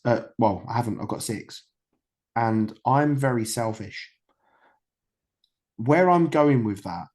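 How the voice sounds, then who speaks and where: A man's voice: medium pitch, dark tone. A man in his thirties from the United Kingdom, a podcast guest telling stories candidly, rambling with fillers, restarts and swearing. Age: 30s. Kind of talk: candid conversational storytelling.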